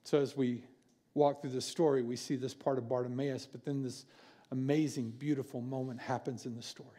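A man preaching a sermon in church, earnest and pausing for effect. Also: medium pitch, fairly even intonation. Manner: earnest, with dramatic pauses and quieter passages. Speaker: pastor.

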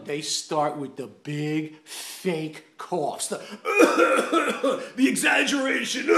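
A man telling an indignant, animated story as a rant, loudly acting out the other people's lines. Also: high-pitched, reverberant. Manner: loud, indignant, acts out quotes. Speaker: online ranter, cigar enthusiast.

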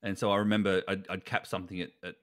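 A man's voice: sits low, little pitch movement, quick pace, fairly bright tone. Playful, teasing male podcast co-host. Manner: playful, teasing, laughs often. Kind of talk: casual podcast chat.

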